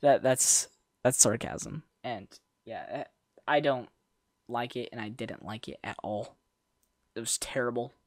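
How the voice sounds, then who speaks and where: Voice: medium pitch, measured pace, no echo, studio quality. A young adult vlogger telling a school story in a rambling, slangy way, with self-corrections and sarcastic asides. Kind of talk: casual storytime monologue.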